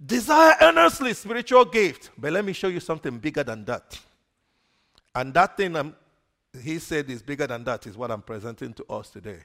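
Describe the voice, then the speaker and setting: A man preaching a sermon, putting questions to the congregation for them to answer and swinging between loud emphasis and quiet asides. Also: mid-range voice. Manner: call-and-response questions to the congregation.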